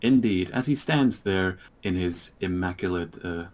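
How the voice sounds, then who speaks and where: Low-voiced man game-mastering, halting. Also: darkish tone. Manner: halting narration with many fillers. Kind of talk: narrating a tabletop game over voice chat. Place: online voice call.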